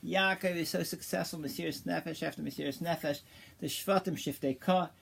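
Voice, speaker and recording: A man giving an informal Torah class, telling a story in a casual, halting way with many restarts, sprinkling in Hebrew and Yiddish terms, and getting animated as he builds his point. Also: on the high side, creaky, breathy edge. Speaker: Torah teacher.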